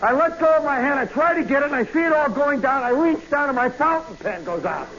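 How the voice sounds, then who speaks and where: A man telling a comic story in a live radio monologue, swinging from hushed asides to loud yelps. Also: very high-pitched, expressive, brisk. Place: nightclub stage. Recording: muffled vintage radio broadcast with hiss.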